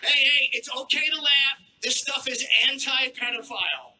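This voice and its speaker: A man doing a crude stand-up routine on a theater stage with a handheld mic, brash and mock-outraged, troubled by his throat and clearing it. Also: extremely high pitch, moderate pace, pushed and bright, low-quality recording. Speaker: stand-up comedian. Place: theater stage before a live audience.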